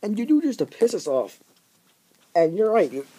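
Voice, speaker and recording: A man's voice: sits high, big pitch swings, normal speed, dark tone, slight background noise. A teenage boy ranting casually on his vlog, profane and rambling, full of filler words. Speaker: vlogger.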